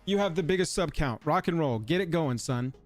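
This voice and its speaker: A man with a high voice co-hosts a live stream, steering the talk with quick energy. Faint music runs in the background. He keeps the guests moving along. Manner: energetic, directing the conversation. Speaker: co-host. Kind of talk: livestream discussion.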